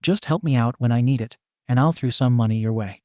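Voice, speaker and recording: A man voicing a sly, scheming male shopkeeper in a read-aloud story, with smooth, polite talk. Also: medium pitch, brisk, warm tone, dry recording, clean studio sound, close to an everyday voice.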